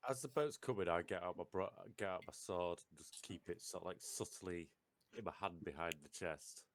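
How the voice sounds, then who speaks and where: A man's voice: sits low, a little fast, a little hiss or hum. A man playing a tabletop game, laid-back and joking. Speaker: player.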